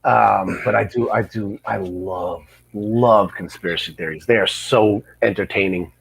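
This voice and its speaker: A man's voice: on the low side, measured pace, gravelly, slight background noise. A man talking casually as a guest on a podcast, blunt and laid-back, swearing now and then.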